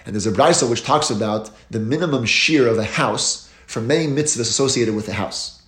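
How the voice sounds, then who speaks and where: A man's voice: mid-range voice, a little fast. Man teaching Talmud in an echoey room. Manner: explanatory, steady teaching cadence, rising on key terms. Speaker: Torah teacher. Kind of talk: Talmud lecture.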